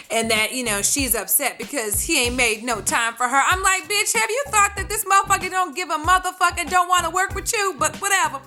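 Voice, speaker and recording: Brash high-voiced woman recapping TV. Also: sharp tone. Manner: brash, sassy, swearing, acts out quotes. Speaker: reality TV recap vlogger. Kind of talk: profane casual recap.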